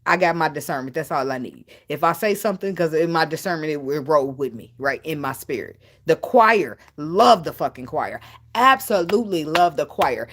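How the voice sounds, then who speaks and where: A woman's voice: low voice, lively intonation, moderate pace, fairly bright tone. A woman tarot reader in a casual spiritual vlog, talking bluntly and emphatically, swearing freely and laughing often.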